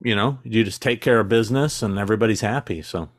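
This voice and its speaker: A man's voice: on the low side, fast talker. A man with a dry, sarcastic sense of humor, telling stories as a guest in a casual podcast interview.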